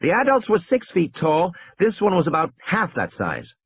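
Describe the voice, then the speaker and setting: A man voicing an excitable young boy. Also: high voice, normal speed, slightly rough, no room sound, lo-fi sound, pitched above the performer's own voice, exaggerated voice. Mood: insistent. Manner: urgent, insistent shouting. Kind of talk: audiobook reading.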